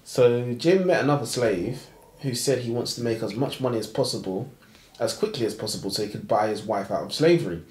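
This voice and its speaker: A man's voice: medium pitch, expressive, brisk, a little mellow, echoey room. A young man co-hosting a casual book chat, joking and laughing a lot in slangy speech. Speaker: book podcast co-host.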